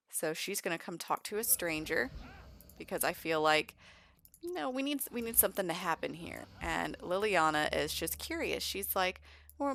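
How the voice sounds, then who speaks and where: Woman, fairly low voice, chatty, game narration. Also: vocal fry, fairly bright tone, no room sound, studio quality. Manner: chatty, storytelling. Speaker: let's play host. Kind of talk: casual game commentary.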